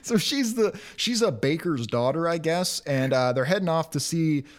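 A man recounting a story in a loose, rambling way, full of ums and restarts. His voice swings lively up and down and sits somewhat high for a man. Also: normal speed. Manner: rambling, filler-heavy storytelling. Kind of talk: casual recap of a movie.

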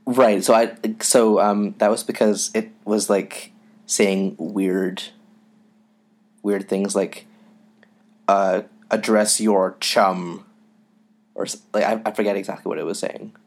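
A man co-hosting a casual podcast about a comic, talking in a hesitant, halting way full of "uh" and "um". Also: fairly low pitch, little pitch movement, a little mellow. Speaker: podcast co-host.

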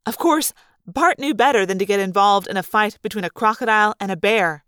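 A woman reading a first-person novel aloud in a dramatic, animated way. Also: medium pitch, a little fast, smooth, dry recording, studio quality. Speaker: audiobook reader. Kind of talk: first-person audiobook narration.

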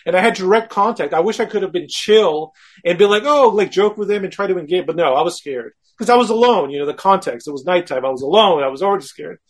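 A man with a high, husky voice tells a story as a guest. He is animated and frank, and he pokes fun at himself as he acts out what he was thinking. The delivery stays conversational and casual. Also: fast talker. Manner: animated, acts out his own quoted thoughts.

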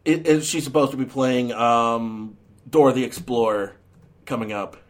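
A man's voice: mid-range voice, fairly even intonation, moderate pace. A man giving a casual, ranting movie review, sarcastic, with many fillers and restarts.

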